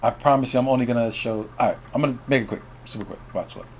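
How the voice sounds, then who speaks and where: A man's voice: mid-range voice, very fast, slight background noise. A man hosting a game news stream, telling a story to call guests in a casual way, often laughing and reading out chat messages.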